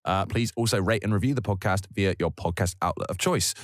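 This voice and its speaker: A man's voice: low-pitched, brisk, dry recording, studio quality. A man co-hosting a podcast, chatting casually and laughing easily as he wraps up the episode. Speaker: podcast co-host. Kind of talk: casual podcast outro chat.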